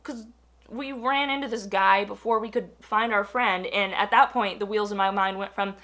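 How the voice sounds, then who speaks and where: Speaking at normal speed in a medium-pitched voice, a young adult woman shares a personal story casually and with animation, full of fillers and acted-out quotes.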